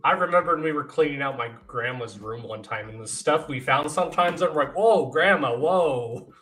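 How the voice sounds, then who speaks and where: A man's voice: mid-range voice, brisk, sharp tone, faint music behind. A man chatting casually on a podcast, laughing often and chiming in with short agreement. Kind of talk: casual chat.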